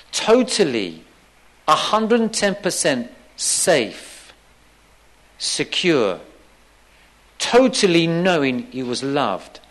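A male preacher with a high, very animated voice delivers his sermon at an unhurried pace. He leans on key phrases and repeats them for weight. His pitch swings widely as he drives each point home. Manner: acts out quoted lines in a softer, lower voice.

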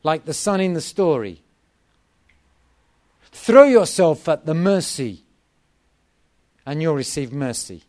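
A middle-aged man preaches to a gathering, taking his time over each phrase. His voice is slightly high for a man and swoops widely up and down, and he drives points home by repeating them. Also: slow, long pauses. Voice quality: lively, swooping delivery with emphatic repetition. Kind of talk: sermon.

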